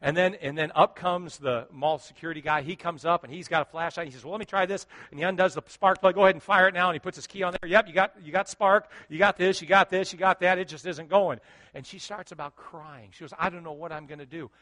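A middle-aged male pastor telling a story in a sermon, animated and joking, acting out what people said. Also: high voice, fast talker. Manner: animated, joking, acts out quotes.

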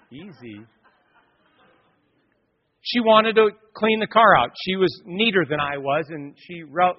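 A man's voice: sits high, slightly rough, lo-fi sound. A man preaching a sermon, telling personal stories with joking asides to the congregation. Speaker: pastor.

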